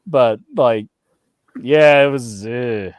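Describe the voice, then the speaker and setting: A man's voice: medium pitch, drawn-out words, no echo. A man co-hosting a wrestling podcast, ranting in casual chat with lots of swearing. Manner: profane, ranting, mimics people he mocks. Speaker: podcast co-host.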